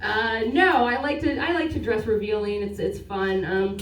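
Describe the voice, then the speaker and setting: A woman's voice: medium pitch, fairly even intonation, moderate pace, slight background noise. A woman doing a stand-up set, chatty and teasing the crowd. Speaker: stand-up comedian. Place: comedy stage at a winery. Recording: echoey room, distant mic.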